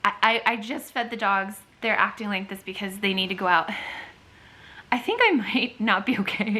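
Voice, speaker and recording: A woman vlogging at home in a casual, expressive way, moving between soft talk and loud outbursts. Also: mid-range voice, normal speed. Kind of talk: casual vlog chat to camera. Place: at home with her dogs.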